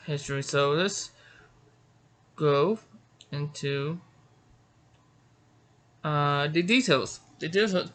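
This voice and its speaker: Chatting casually about himself, the same Georgia-born, middle-aged martial arts writer stammers and keeps restarting. Here his voice sits on the high side and sounds sharp.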